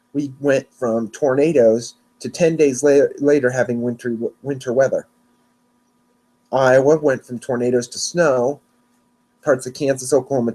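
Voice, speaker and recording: A man's voice: medium pitch, darkish tone. A man hosting a weather podcast on his own, talking casually and rambling, often restarting and correcting himself, a little sleepy. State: yawning, sleepy. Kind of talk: casual solo podcast talk.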